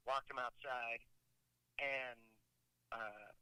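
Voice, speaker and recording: A man's voice: medium pitch, steady tone, very slow, sharp tone, clear, resonant tone, dry recording, rough recording. A man, a rock singer calling in as a guest, telling stories in a rambling way with many restarts and asides. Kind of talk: casual interview storytelling.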